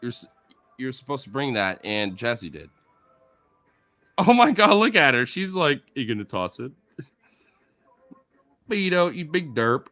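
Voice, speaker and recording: A man's voice: mid-range voice, big pitch swings, unhurried, pauses often, a bit bright, soft background music. A man live-streaming casually, laughing, swearing and cheering on his dogs as they play. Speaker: livestreamer.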